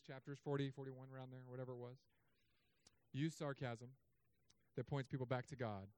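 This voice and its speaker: A man preaching a sermon as pastor, in his thirties, with humorous, sarcastic asides and animated swings in delivery. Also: medium pitch, clear, resonant tone, dry recording.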